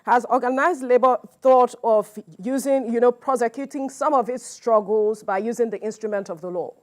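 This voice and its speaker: Brisk Nigerian woman news anchor. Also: a little high, a little mellow. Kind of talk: live news panel discussion.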